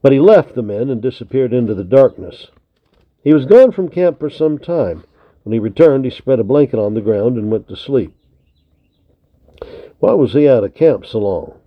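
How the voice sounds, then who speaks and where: A man's voice: mid-range voice, lively intonation, moderate pace, no echo. A man reading a frontier adventure story aloud for children, in a friendly storyteller's manner. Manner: friendly, addresses young listeners. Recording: tinny narrow lo-fi recording.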